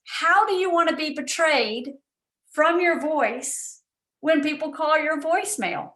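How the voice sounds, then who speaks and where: Woman coach, team-call talk, chatty and animated, voice a bit high. Roomy, echoey audio. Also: unhurried. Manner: animated and chatty, many asides. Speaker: guest speaker and coach. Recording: roomy echo.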